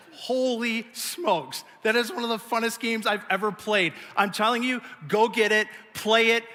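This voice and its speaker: A middle-aged man preaching a sermon, telling stories with animated, self-mocking energy. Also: high voice. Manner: animated storytelling, acting out his own pouting. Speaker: pastor. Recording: long hall reverb.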